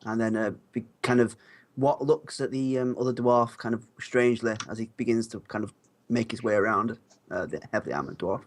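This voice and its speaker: A man's voice: medium pitch, fairly quick, a little hiss or hum. A man playing a tabletop game who narrates his character's actions, hesitant, with many ums. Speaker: player.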